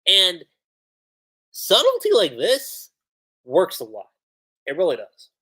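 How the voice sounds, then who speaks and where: A man's voice: high-pitched, huge pitch swings, slow pace, pushed and bright, husky. A man casually recapping an anime episode on a livestream, retelling scenes and quoting the characters as he goes. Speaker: anime reviewer.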